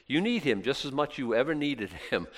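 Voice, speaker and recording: A man's voice: mid-range voice, big pitch swings, fairly quick. A male pastor preaching in a casual, conversational way, acting out little prayers and back-and-forth dialogue. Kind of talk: sermon. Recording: long hall reverb.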